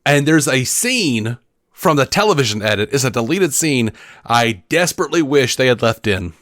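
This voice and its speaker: On a film podcast, an animated male co-host chats casually at a normal speed, swearing often and acting out movie lines as he retells scenes. His pitch is an ordinary middle. The recording is dry and close, with no room sound.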